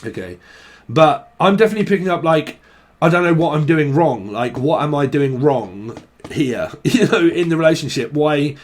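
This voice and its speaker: A man's voice: a little high, animated, normal speed. A young man giving a casual tarot reading, rambling and swearing as he thinks aloud. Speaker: tarot reader.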